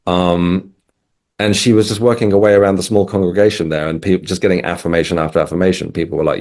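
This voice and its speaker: A man's voice: sits low, steady tone, quick pace, darkish tone. A middle-aged man from England, a guest in a casual interview, recounting events with frequent hesitations and restarts. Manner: hesitant, restarts, many ums.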